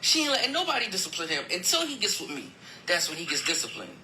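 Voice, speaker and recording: A man retelling a family dispute in a heated argument, emphatic and quick to raise his voice when upset. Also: high voice, huge pitch swings, bright, forceful tone, a little hiss or hum, poor audio. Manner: emphatic, retells events with quoted dialogue, voice climbing when upset. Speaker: podcast host.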